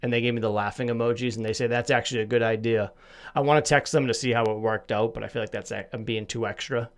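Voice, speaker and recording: A man's voice: mid-range voice, steady tone, fast talker. A man from Massachusetts hosting a solo podcast, chatting casually in a rambling, self-deprecating, jokey way with a slight lisp. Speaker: podcast host.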